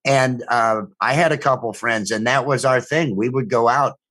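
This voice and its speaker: A middle-aged man co-hosting a casual podcast at an ordinary pitch. He tells rambling, profane stories about his kids, stopping and restarting his sentences often. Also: normal speed, fairly bright tone. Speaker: podcast co-host. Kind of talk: casual chat.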